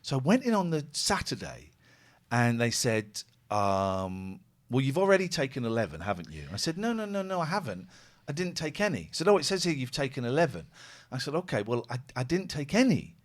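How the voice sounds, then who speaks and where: A man's voice: mid-range voice, very animated, fairly quick. A middle-aged man hosting a phone-in show, telling a long story in a chatty way and acting out both sides of each exchange. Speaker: radio phone-in host. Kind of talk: casual chat.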